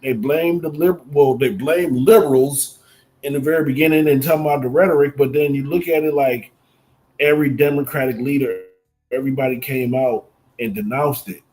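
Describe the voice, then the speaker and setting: A man's voice: mid-range voice, fairly even intonation, normal speed, darkish tone, poor audio. A man co-hosting a podcast, talking casually and repeating words as he thinks. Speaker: podcast co-host.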